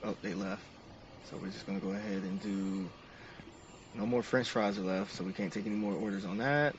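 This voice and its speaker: A man's voice: fairly low pitch, steady tone, a little fast, distant mic, highs cut off, noisy background. A man narrating each step of a game to his stream chat in an upbeat, casual way.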